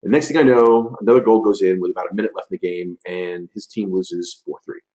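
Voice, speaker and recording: Low-voiced man telling a chatty story. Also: fast talker, mellow, muffled recording. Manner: chatty, loose delivery with many fillers and restarts. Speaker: webinar presenter for chiropractors. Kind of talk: conversational storytelling lecture.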